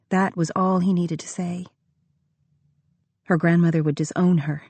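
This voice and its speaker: A woman narrating an audiobook in a measured, expressive reading. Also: fairly low pitch, breathy edge, no echo. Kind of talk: scripted narration.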